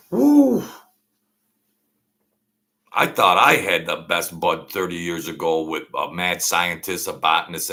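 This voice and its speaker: Gravelly rambling man in his sixties. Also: low-pitched, pushed and bright. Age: 60s. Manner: rambling, opinionated, reads out viewer names. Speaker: livestream host. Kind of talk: casual late-night livestream chat.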